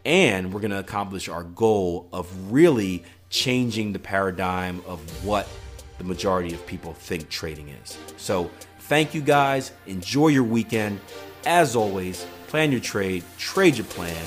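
A man hosting a solo trading podcast, talking in an animated, motivational way and acting out voices when he quotes people. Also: deep voice, measured pace, soft background music. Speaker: podcast host and trading coach.

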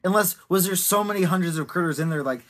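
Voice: mid-range voice, fast. A podcast co-host in casual movie chat, teasing and wry in banter.

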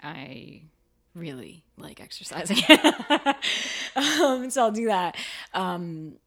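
A woman's voice: mid-range voice, sing-song, slow, fairly bright tone. A woman, an actor being interviewed, talking casually and chattily, full of "like" fillers. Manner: chatty, filler-heavy with frequent "like". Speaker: actor, guest. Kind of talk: casual chat.

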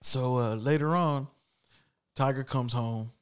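A man's voice: mid-range voice, takes it slowly, clear, resonant tone. A man hosting a casual podcast, telling a long prank story with slang, swearing and frequent laughs. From Houston, Texas. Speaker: podcast host.

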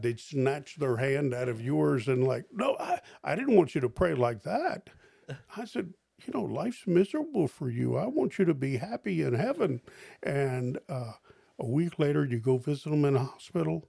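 An older man, a pastor, telling stories in an interview, lively and jumping high in pitch when he quotes people. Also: creaky, husky, no room sound. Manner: animated storyteller, jumps high for quoted lines. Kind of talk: storytelling interview.

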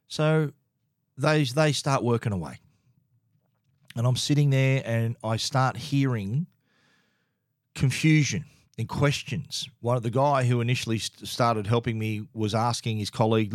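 A middle-aged Australian man recounts a frustrating experience in an emphatic, exasperated tone with plenty of restarts. His voice sits at an ordinary male pitch. The recording is dry and close. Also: normal speed, dry recording. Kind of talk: casual storytelling rant.

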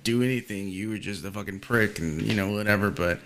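A man's voice: on the low side, brisk, a bit bright, a little hiss or hum. A man talking casually on a podcast over a call, laid-back and slangy, with many fillers.

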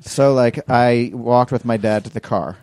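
A man's voice: mid-range voice, unhurried, no echo. A middle-aged man co-hosting a podcast, telling stories in a loose chat style, swearing freely and acting out other people's lines. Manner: animated storyteller, mimics voices in quotes, swears freely. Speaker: podcast co-host. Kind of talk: casual chat.

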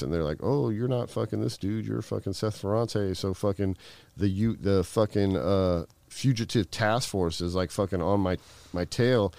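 A middle-aged man tells his story in a loose, rambling way, peppered with swearing and filler words. His voice sits very low, and the recording is dry with no room sound. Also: a little mellow, no room sound. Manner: rambling, profane, heavy fillers. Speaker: guest. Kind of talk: casual storytelling.

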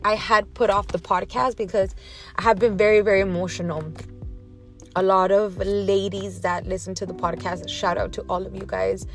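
A Texas woman talks openly on her own podcast in a mid-range voice at a moderate pace, with faint music playing underneath. She sounds emotional and a little shaky, and her solo monologue is casual and full of loose fillers.

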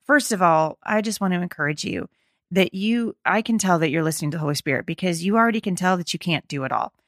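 A middle-aged woman hosting a faith-based podcast, slightly hoarse and gravelly, talking in an earnest, encouraging, conversational way. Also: fairly low pitch, quick pace, no echo, studio quality. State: slightly hoarse, losing her voice. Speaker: podcast host.

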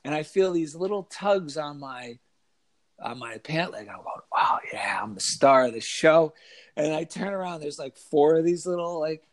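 A man telling an animated story in a casual chat, acting out the voices of kids and of himself. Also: a little high, normal speed. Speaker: author and guest.

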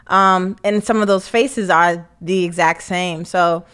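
A young woman co-hosting a casual chat, telling self-mocking stories in an animated way. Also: on the low side, takes it slowly, smooth. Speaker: podcast co-host.

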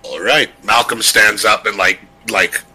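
Guy playing a tabletop game, kinda raspy, low, bright tone. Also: measured pace, poor audio. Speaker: player. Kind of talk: describing his character in a tabletop game.

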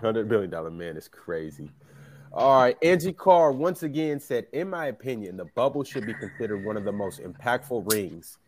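A man hosting a basketball podcast, briskly reading out viewer questions and giving short opinions. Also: fairly low pitch, very animated, a little mellow, a little hiss or hum. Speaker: podcast host reading super chats. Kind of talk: casual sports debate.

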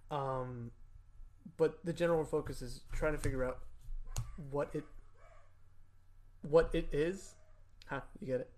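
A young man hosting a podcast, joking around and sometimes slipping into a lower reading voice. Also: fairly even intonation, moderate pace, pauses often, darkish tone. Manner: joking, drops into a low reading voice. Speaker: podcast host. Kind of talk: casual podcast banter.

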